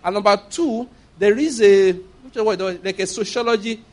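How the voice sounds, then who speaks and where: Preaching a sermon in a fairly high voice, a man with a Nigerian English accent tells stories with emphasis and laughs often while making his points. He speaks at normal speed.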